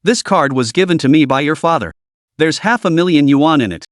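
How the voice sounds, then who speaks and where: A man's voice: fairly high pitch, animated, a little fast, dry recording, clean studio sound, natural voice. A man voicing a young man who is a blunt, bitter street vendor, reading him in a storybook recap. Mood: sarcastic. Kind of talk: storybook narration.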